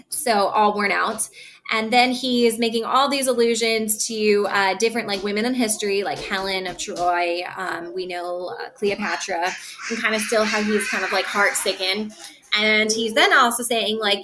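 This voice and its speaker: A woman's voice: medium pitch, fairly even intonation, normal speed, noisy background. A woman teacher reading a play aloud and explaining it in a casual way, with many fillers. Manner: casual explaining with many fillers, reads the lines with more lift.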